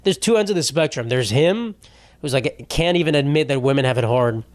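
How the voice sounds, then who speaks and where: A man's voice: medium pitch, animated, a little fast, no room sound. Rambling, profane man on a dry mic. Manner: rambling, profane, self-mocking storyteller. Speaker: podcast host. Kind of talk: solo comedy podcast monologue. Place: home setup.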